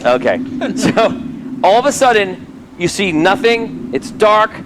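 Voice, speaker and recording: High-voiced man running a tabletop game. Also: very animated, unhurried, noisy background. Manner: laughs often while narrating. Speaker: game master.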